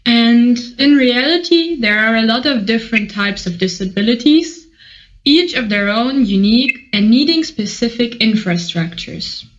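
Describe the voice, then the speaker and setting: A woman's voice: on the high side, animated, normal speed, muffled recording. A woman hosting a podcast, formally reading introductions and questions to her guest. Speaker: podcast host. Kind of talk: interview hosting.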